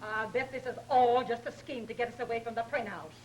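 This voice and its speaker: An actress playing a sharp-tongued, greedy woman with a tart, scornful manner in a 1930s film. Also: on the high side, fairly quick, lightly acted, rough recording. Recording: old film soundtrack with faint hiss.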